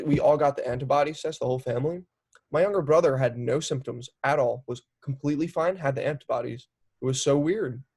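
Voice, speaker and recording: A young filmmaker in his twenties talks through his work in a loose, chatty way, dropping "like" every few words. His mid-range voice has a gravelly fry to it. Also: mid-range voice. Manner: chatty, lots of "like" fillers, animated storytelling. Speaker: documentary filmmaker. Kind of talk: casual interview chat.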